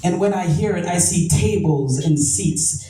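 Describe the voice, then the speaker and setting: A woman's voice: fairly low pitch, a little slow, mellow, far from the mic. A woman performing spoken word poetry with a rhythmic, emphatic delivery and repeated refrains. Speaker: poet. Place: event venue, roomy. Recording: echoey room from afar, faint noise.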